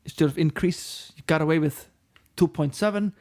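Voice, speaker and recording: Blunt, profane Icelandic rock singer. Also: male voice, fairly high pitch, normal speed, darkish tone. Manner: frank and profane, acts out quoted dialogue. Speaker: rock band frontman, guest. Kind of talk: candid interview storytelling.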